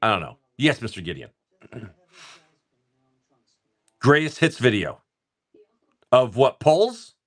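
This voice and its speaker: A man talks loosely on a card-opening livestream, swearing freely and circling back on his sentences. His pitch swings widely as he reacts to the cards he pulls. His voice is mid-pitched. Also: big pitch swings, takes it slowly, long pauses. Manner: laid-back, rambling and profane, lots of restarts. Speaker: card-breaking livestream host. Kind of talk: casual livestream chat while opening card packs.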